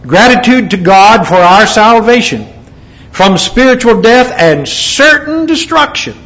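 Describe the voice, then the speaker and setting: A man's voice: sits high, expressive, measured pace, a bit bright. An American man preaching a sermon, mixing scripture readings with folksy asides. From United States. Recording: dull lo-fi recording with faint background noise.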